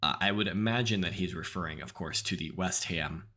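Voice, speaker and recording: A man's voice: low voice, brisk, sharp tone. A man hosting a podcast in loose, casual chat. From United States. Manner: loose and chatty, many "like" fillers. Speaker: podcast host.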